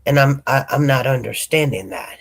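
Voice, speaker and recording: Livestream host, congested with a cold, husky, gravelly, slow rambling chat. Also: mid-range voice. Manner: rambling, chatty, greets viewers by name. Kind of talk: casual chat.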